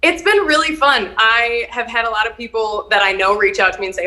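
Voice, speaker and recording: A woman's voice: fairly high pitch, a little fast, bright, forceful tone, low-quality recording. A woman from Minnesota with a Minnesotan accent, chatting as a guest and laughing easily. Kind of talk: casual chat.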